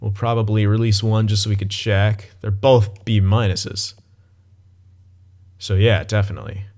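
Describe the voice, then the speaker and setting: A young man casually commenting on his gameplay as he plays, thinking aloud, swearing and blurting sudden excited outbursts. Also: lowish voice, moderate pace. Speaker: gaming channel host.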